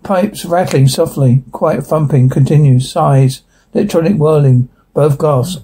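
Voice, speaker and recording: Man, reads script aloud, states sound cues, fairly high, husky. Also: unhurried, warm tone, rough recording. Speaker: reader.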